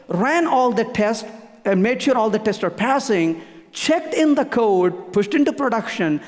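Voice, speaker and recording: Speaking at a conference, a presenter gives a technical talk in a mid-range, somewhat dark voice, driving key points home through repetition and often restarting. The large hall adds a long reverb.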